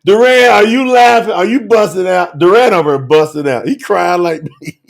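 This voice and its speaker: A man's voice: sits high, normal speed, gravelly. A man teaching scripture on a live telethon, preaching with exuberant commentary, laughing often and calling out viewers by name.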